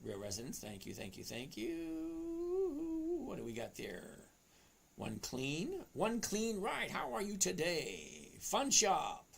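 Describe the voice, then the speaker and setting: A man's voice: fairly high pitch, very animated, a little slow, vocal fry, fairly bright tone, breathy edge. A man hosting a stock trading livestream, chatting casually, greeting viewers by name and explaining charts step by step. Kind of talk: casual livestream chat reading viewer comments.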